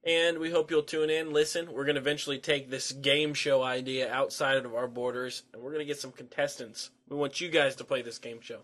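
A man's voice: mid-range voice, flat delivery, brisk, few pauses, a bit bright. A man co-hosting a casual podcast, teasing his partner with crude jokes and frequent laughter. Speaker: podcast co-host. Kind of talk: casual chat.

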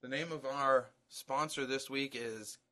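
A man's voice: medium pitch, fairly even intonation, unhurried, pushed and bright. Man chatting loosely, swearing freely. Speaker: podcast co-host. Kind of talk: casual chat.

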